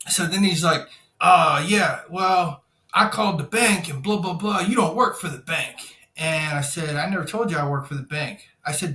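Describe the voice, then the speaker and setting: A man's voice: fairly high pitch, reverberant. A man telling a wild story on a podcast, swearing a lot and acting out what people said. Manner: profane, animated storytelling, acts out quotes. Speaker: podcast guest, insurance broker. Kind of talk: casual storytelling.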